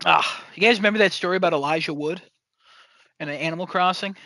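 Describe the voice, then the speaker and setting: A young man chats on his podcast with a bright, forceful voice that often rises when he gets worked up. He rambles and swears freely as he tells jokey stories. The sound is dry and close, with no room around it. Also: high voice, fast talker, dry recording. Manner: rambling, profane, jokey storytelling. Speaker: podcast host. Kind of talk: casual chat.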